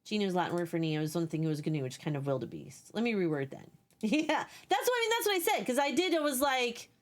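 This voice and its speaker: A woman's voice: mid-range voice, very animated, fast. A woman live streaming a video game, chatting casually, swearing at enemies and thanking viewers.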